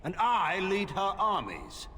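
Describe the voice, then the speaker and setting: An actor playing a proud, cold older regent and general in a video game, with a cutting delivery. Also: male voice, high-pitched, wildly swooping pitch, slow, sharp tone, slightly rough, heavily acted. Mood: scornful.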